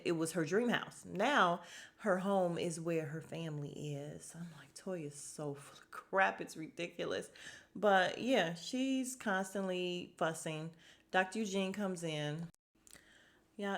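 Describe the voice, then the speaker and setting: A woman's voice: fairly low pitch, measured pace. A woman hosting a podcast, chatting casually as she recaps a reality show, acting out what people said and dropping to a whisper for sad moments.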